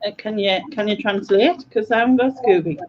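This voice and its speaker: A woman's voice: medium pitch, a little fast, darkish tone, highs cut off. A woman chatting on a group video call, teasing the others and reading out viewer comments. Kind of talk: casual chat.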